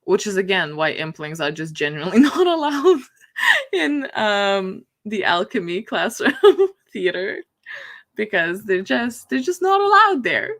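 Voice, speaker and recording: A woman's voice: medium pitch, sing-song, a little slow, fairly bright tone. A woman chatting casually on a livestream, giggling often as she talks. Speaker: book streamer.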